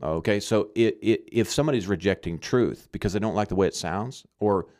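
A man's voice: on the low side, a little fast, a little mellow. A man from Arkansas giving earnest, emphatic Christian teaching in conversation, often checking in with "okay?".

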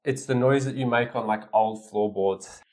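A man's voice: mid-range voice, moderate pace, a little mellow. A man tutoring a learner one-on-one, reading a storybook aloud, explaining words and acting out quotes with playful mock grumbling.

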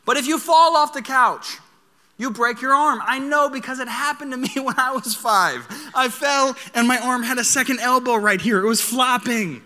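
A young man preaching a sermon, telling a story in an animated way and laughing as he goes. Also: extremely high pitch, moderate pace, long reverb tail. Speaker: pastor.

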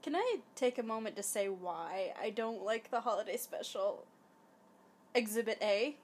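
A woman's voice: medium pitch, animated, normal speed, slight background noise. A woman chatting casually while watching a film, making wry, critical and teasing remarks. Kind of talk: casual watch-along commentary.

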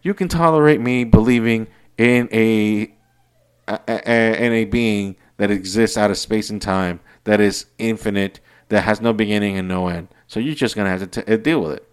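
A man hosting a podcast, delivering an unscripted, profane rant that swings between heated outbursts and low muttering. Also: moderate pace, clear, resonant tone. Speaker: podcast host. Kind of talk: unscripted ranting monologue.

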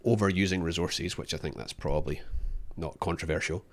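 A man's voice: deep voice, a little fast. A man co-hosting a podcast, talking casually with many restarts and fillers. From Australia. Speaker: podcast co-host.

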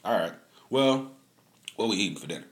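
A man's voice: deep voice, moderate pace. A man hosting a podcast in casual chat, a loose, profane storyteller who laughs often. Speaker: podcast host.

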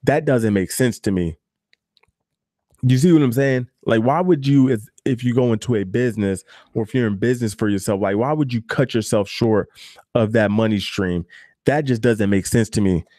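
A man's voice: medium pitch, normal speed, warm tone, no echo, studio quality. A man who works as a barber, giving loose, candid advice straight to the listener with plenty of fillers and asides. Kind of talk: casual advice talk to camera.

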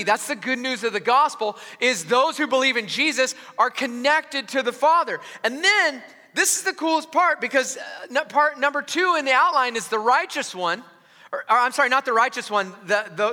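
In a large church hall whose long reverb makes every word ring, a male pastor delivers his sermon in a high, very bright voice. He's animated and keeps a moderate pace, chatting in a self-mocking way with joking asides and plenty of restarts.

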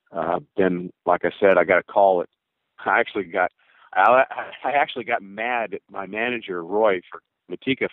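Low-voiced older man telling stories over a phone line. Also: dry recording. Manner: rambling, with many fillers and acted quotes. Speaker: former baseball pitcher. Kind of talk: storytelling interview answers. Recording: tinny phone-line sound.

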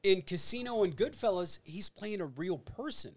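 A man hosting a podcast, telling stories in a casual, animated and profane way. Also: sits high, moderate pace. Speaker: podcast host. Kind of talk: casual chat.

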